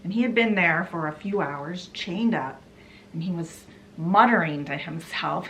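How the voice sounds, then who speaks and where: A woman vlogger giving a casual, chatty, animated summary of a novel. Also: on the low side, unhurried, a little hiss or hum, rough recording. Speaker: book vlogger.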